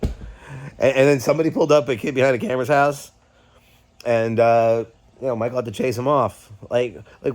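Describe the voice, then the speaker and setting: A man's voice: mid-range voice, fairly even intonation, brisk, long pauses, darkish tone. A middle-aged man hosting his own vlog, venting candidly and agitated, swearing and stumbling over fillers. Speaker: YouTube host. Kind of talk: candid personal vlog rant.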